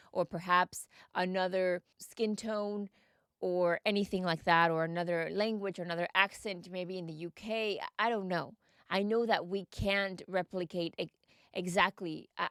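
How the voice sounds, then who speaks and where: Earnest woman host, smooth dry voice. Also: lowish voice, dry recording. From United States. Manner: earnest, encouraging, asks the listener questions. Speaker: podcast host and mindset coach. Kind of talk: reflective podcast monologue.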